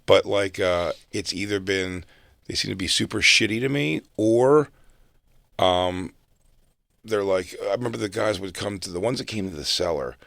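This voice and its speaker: A man's voice: low-pitched, moderate pace, creaky, a bit bright, no echo, clean studio sound. A man on a podcast, telling rambling, profane stories in casual chat and laughing through them. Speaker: podcast co-host.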